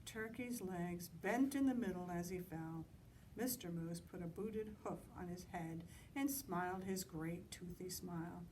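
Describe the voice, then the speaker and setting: Slow, gentle woman reading a story outdoors. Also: on the low side, distant mic, a little hiss or hum, rough recording. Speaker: children's librarian.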